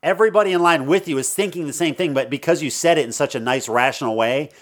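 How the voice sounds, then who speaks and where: Fast-talking man in casual chat. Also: on the high side. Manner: laid-back storyteller, laughs easily. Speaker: podcast co-host.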